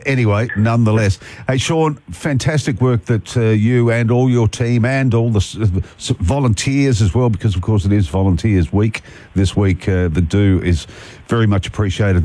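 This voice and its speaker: A man's voice: fairly low pitch, a little mellow. Chatty Australian radio host man. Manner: chatty, joking, sarcastic asides. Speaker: radio breakfast show host. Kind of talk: casual radio interview chat.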